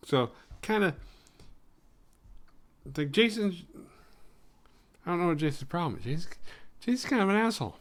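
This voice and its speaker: A man's voice: high voice, big pitch swings, moderate pace, long pauses. A man hosting a horror movie podcast, retelling the plot in a rambling, jokey way with crude humor. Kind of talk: casual film recap.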